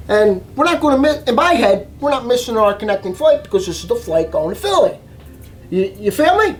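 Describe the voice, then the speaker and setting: A man telling a story in an excitable way, acting out voices and reactions. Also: high-pitched. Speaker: vlogger telling a travel story. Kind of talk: animated storytelling monologue.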